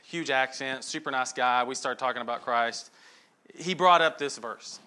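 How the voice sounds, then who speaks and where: A man's voice: medium pitch, moderate pace, bright, forceful tone. A middle-aged man giving a conversational sermon, telling stories and checking in with frequent asides to the listeners.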